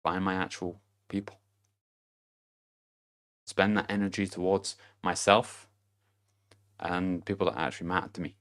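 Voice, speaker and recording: A young man with a somewhat low voice talks through a casual self-help monologue, blunt and full of swearing. He laughs to himself and swings from loud, punchy emphasis down to low murmurs. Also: level tone, a little slow, long pauses. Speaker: vlogger.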